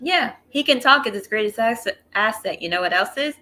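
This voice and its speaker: A woman's voice: on the high side, animated, a little fast, bright, forceful tone. A woman co-hosting a casual wrestling review stream, adding dry, wry asides and wordplay. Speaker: wrestling review show co-host. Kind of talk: casual live-stream chat.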